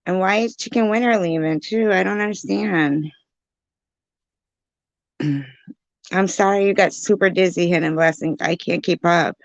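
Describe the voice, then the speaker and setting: Female streamer, slow gravelly delivery, reading chat in a casual way, dull dry home audio. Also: fairly low pitch, dry recording. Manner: confused, pleading with chatters, laughing often. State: dry mouth. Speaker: livestream host reading live chat.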